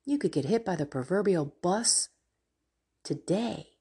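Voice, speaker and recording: A woman podcast host leading an earnest, fervent spoken prayer, pleading in a breathy voice. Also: fairly low pitch, expressive, measured pace, mellow. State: tearful.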